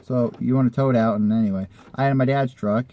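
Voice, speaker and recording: A man's voice: mid-range voice, steady tone, fast talker, dull audio, a little hiss or hum. A man in a casual vlog, telling a personal story in a rambling, conversational way with the odd swear word.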